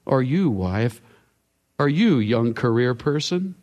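A male pastor preaching a sermon in an earnest way, his voice swelling and then dropping to a hush. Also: medium pitch, expressive, takes it slowly. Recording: long hall reverb.

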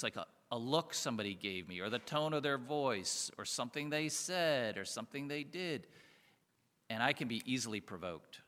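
Bright-voiced man preaching in a hall. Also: medium pitch. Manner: conversational, chuckles often, rhetorical questions. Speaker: pastor. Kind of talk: sermon. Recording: reverberant hall.

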